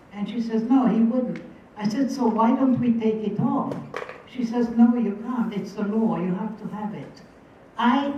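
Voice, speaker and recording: A woman's voice: medium pitch, dark tone, a little hiss or hum. An older woman from Hungary, a survivor giving a talk and telling her childhood story with wry, vivid quoting of voices. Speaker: Holocaust survivor speaker. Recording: distant, dull, very echoey hall.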